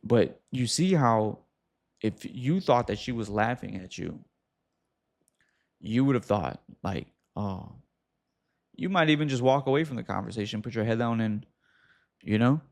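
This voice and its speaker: A man hosting a casual advice talk, speaking straight to the viewer with quick asides and acted-out examples. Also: mid-range voice, animated, vocal fry. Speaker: host.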